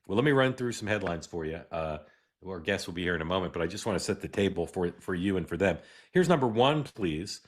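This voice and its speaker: A middle-aged man hosting a live political news show, talking in a halting way with many "uh"s and restarts. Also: low voice. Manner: halting, filler-heavy delivery with frequent "uh" and restarts. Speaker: host.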